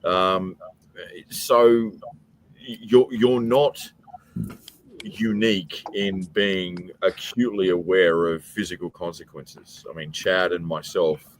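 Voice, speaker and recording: Rambling low-voiced man. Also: fairly even intonation. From Australia. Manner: rambling, halting, swears freely. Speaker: podcast co-host. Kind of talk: casual chat.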